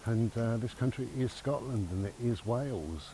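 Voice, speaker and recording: A man's voice: mid-range voice, lively intonation, normal speed, dark tone. A man vlogging outdoors with a handheld camera, chatty and rambling, a little out of breath from walking. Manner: rambling, chatty, talks to his dog. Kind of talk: casual outdoor vlog talk. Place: outdoors in a park. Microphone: handheld camera mic. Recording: faint outdoor background noise.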